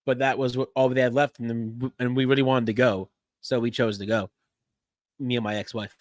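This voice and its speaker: A man's voice: medium pitch, little pitch movement, a little fast, no echo. A man hosting a casual wrestling-watch live stream, rambling with frequent restarts and easy chuckles. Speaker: podcast host.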